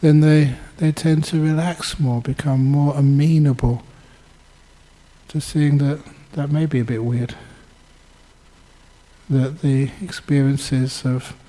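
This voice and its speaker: An older man, a Buddhist monk, giving a dharma talk with lively storytelling and chuckles. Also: fairly high pitch, takes it slowly, pauses often, poor audio. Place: Buddhist centre.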